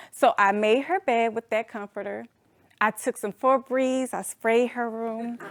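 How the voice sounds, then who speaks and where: An adult woman telling a humorous personal story to an audience, animated and playful, calling them y'all. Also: high-pitched, no room sound, studio quality. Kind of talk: storytelling talk.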